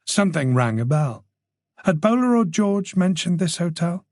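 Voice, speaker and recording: A man narrating a thriller audiobook in a measured storytelling manner. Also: high voice, sing-song, darkish tone, no echo, studio quality. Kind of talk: scripted narration.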